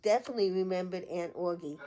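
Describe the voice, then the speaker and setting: A woman's voice: on the low side, quick pace, mellow. An older grandmother telling a story in casual chat, rambling and stringing it together with "and then I said" while acting out what people said. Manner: rambling, repeats "and then I said", acts out quotes.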